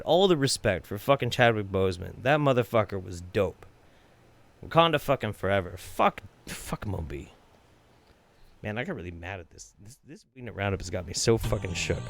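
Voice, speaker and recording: A man's voice: on the low side, very animated, normal speed. A man hosting a live stream, reacting to videos with profane, sarcastic rants and reading out viewer donations. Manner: reads viewer donations aloud.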